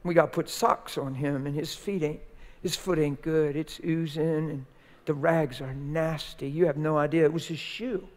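An older preacher man tells a story from the pulpit in loose, colloquial speech, acting out every exchange. His voice sits somewhat high for a man. The church hall adds a long, trailing reverb. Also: moderate pace. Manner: colloquial, animated, acts out quoted dialogue. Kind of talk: sermon storytelling. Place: church sanctuary.

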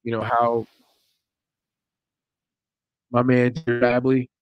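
A laid-back man talks through a live stream in loose, casual commentary, laughing often. His voice sits at an ordinary middle pitch. The sound is dry and close, with no room around it. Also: completely flat delivery, slow pace, clean tone, no echo, muffled recording. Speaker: podcast host.

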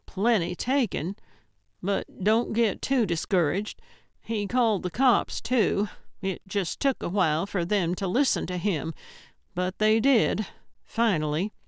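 A woman narrator voicing an older woman amateur detective, stubborn and deadpan. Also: medium pitch, unhurried, no room sound, studio quality, natural voice. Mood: dry. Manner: deadpan, sarcastic.

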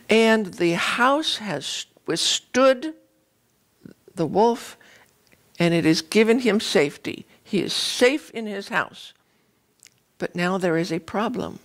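A woman minister giving a conversational sermon, retelling a fairy tale with lively, animated storytelling. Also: mid-range voice.

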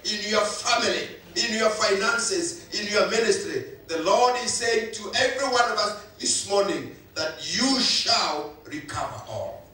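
A man's voice: high-pitched, animated, unhurried, sharp tone. A male pastor, preaching a sermon with emphatic repetition. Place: church hall. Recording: echoey hall, voice from far off.

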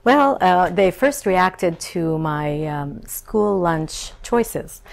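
A middle-aged woman chef talks through memories in a lowish voice that turns gravelly and fry-laden at the ends of phrases. She tells her stories conversationally, sometimes acting out the voices of people she remembers. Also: expressive, extremely slow. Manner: warm storytelling, acts out childhood voices. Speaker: chef and cookbook author. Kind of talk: interview conversation.

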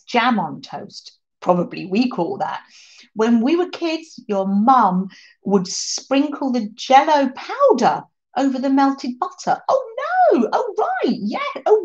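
Chatty woman, slow and lively. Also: fairly high pitch, muffled recording. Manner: chatty, reads viewer comments aloud and laughs often. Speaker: craft livestream host. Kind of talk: casual livestream chat.

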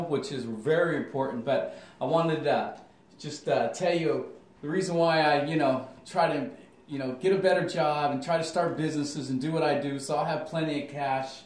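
A man's voice: fairly high pitch, a little mellow. A middle-aged man talking casually on his own channel, folksy and rambling with lots of fillers and restarts. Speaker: channel host. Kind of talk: rambling casual vlog talk. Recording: echoey room, mic at a distance.

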